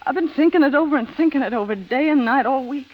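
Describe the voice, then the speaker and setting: A woman's voice: sits high, fast, muffled recording, close to an everyday voice. A woman playing a bitter, defiant young woman. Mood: pleading firm. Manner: slangy, tough street talk. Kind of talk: 1930s radio drama acting.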